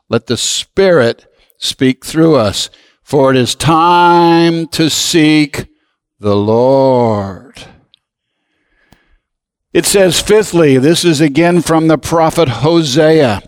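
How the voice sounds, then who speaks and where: A man's voice: fairly high pitch, clear, resonant tone. A man delivers a sermon in a slightly raised voice, taking his time over every phrase. He leans on repetition and calls on listeners to say lines back with him. The sound rings with the long reverb of a large hall. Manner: slow, emphatic preaching with call-and-response. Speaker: pastor.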